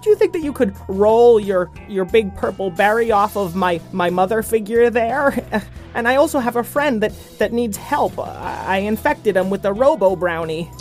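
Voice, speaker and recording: A woman's voice: mid-range voice, animated, normal speed, a little mellow, soft background music. A woman improvising a children's story in a playful way, stammering and restarting as she goes.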